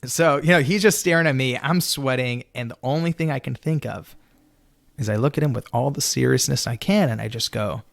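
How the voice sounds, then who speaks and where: A man telling a story as a podcast guest, animated and full of "you know" fillers. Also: mid-range voice, fairly quick, creaky.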